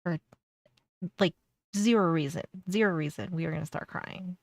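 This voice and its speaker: Gravelly woman streamer, sarcastic asides. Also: lowish voice, normal speed, dry recording, clean studio sound. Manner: blunt, sarcastic, laughs often. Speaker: streamer reacting to videos. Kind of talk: casual reaction commentary.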